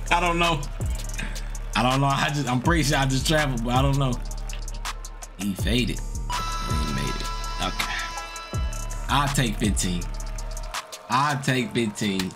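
A man talks his way through his own basketball video game with music playing under him. He mutters numbers and plans half to himself, then spikes loud and high when a shot drops, swearing and taunting the players on screen. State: out of breath. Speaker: gaming YouTuber. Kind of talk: live gameplay commentary.

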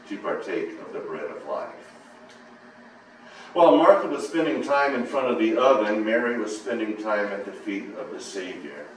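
Pastor preaching in an echoey church. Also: male voice, mid-range voice, far from the mic, a little hiss or hum. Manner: dramatic storytelling, swinging between hushed and loud. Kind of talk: sermon. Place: church sanctuary.

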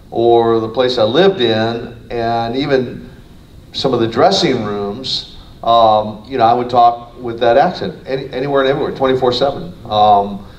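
A former wrestler talks casually in an interview, rambling and restarting often. His medium-pitched voice sounds dull, picked up by a distant mic in a roomy space with faint noise.

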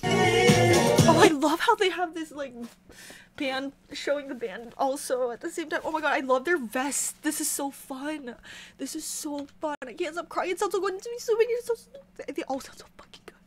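A woman reacting to a music video, gushing with repeated excited exclamations. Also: sits high, normal speed. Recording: loud pop music playing over the voice. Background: loud pop song playing.

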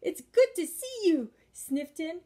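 A woman's voice: very high voice, very animated, mellow, voice pushed up, heavily acted. A woman reading aloud and voicing a fussy, overbearing society lady who talks in a sugary, prim way. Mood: gushing. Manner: sugary and prim, drawn-out endearments.

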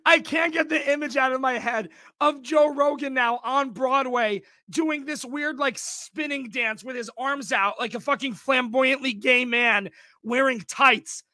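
Male reaction host, high bright voice, dry close mic, mocking and animated. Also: unhurried, dry recording. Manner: animated, laughing, mocking impressions. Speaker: commentary channel host. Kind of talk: reaction commentary on video clips.

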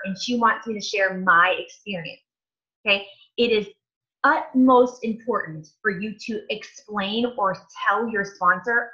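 Bright, emphatic woman coaching her team. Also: medium pitch, lo-fi sound. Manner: emphatic, repeats words for stress. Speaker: network marketing trainer. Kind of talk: casual coaching talk to a team.

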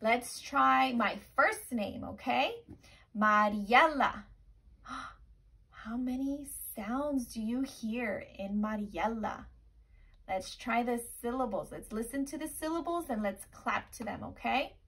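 A woman teaching young children a remote lesson, speaking in a slow, encouraging, sing-song way and often checking "okay?". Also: fairly high pitch, expressive, creaky, fairly bright tone, breathy edge.

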